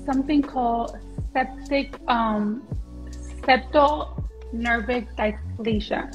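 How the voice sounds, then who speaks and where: A young woman answering as a pageant contestant in a live interview, earnest and soft-spoken, apologizing often. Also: on the high side, slow, faint music behind, rough recording. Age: young adult.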